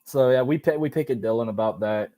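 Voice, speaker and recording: Man with a dark, mellow voice. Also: medium pitch, fast talker, no room sound. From Louisiana. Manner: animated, rambling, self-correcting. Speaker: podcast host interviewing. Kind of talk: casual chat.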